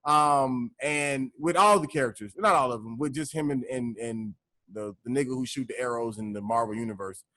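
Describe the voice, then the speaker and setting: A man's voice: mid-range voice, moderate pace, bright, forceful tone. A man co-hosting a casual film podcast, rambling and repeating himself, often saying "you know what I'm saying". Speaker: podcast co-host.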